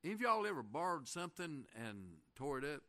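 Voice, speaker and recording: A man preaching a folksy sermon, reading scripture slowly and asking the congregation questions. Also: a little high, very animated, sharp tone. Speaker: pastor.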